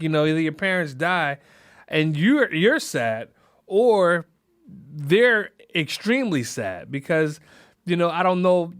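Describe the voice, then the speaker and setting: A man's voice: fairly high pitch, fairly bright tone, dry recording, studio quality. A man hosting a podcast, talking in a rambling, reflective way with many fillers. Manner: rambling, frequent fillers, laughs through grief. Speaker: podcast host. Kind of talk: casual reflective monologue.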